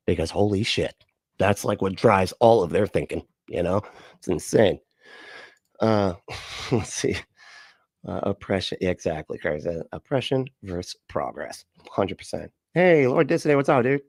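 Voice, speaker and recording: Sarcastic low-voiced livestream host. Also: male voice, animated, normal speed, creaky, darkish tone, no room sound, studio quality. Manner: sarcastic, rambling. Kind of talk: casual reaction commentary.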